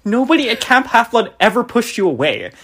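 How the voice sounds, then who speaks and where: A woman's voice: deep voice, expressive, fairly quick, slightly rough, voice pushed down. An earnest angry teenage boy, read by a woman.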